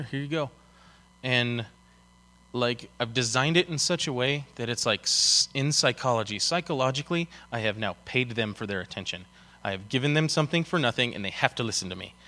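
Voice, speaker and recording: A man's voice: mid-range voice, bright, forceful tone. A young man from Colorado, a pastor giving a casual sermon, chatty and full of fillers as he tells stories. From Colorado, USA. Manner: casual and chatty, many fillers, storytelling with acted quotes. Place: church.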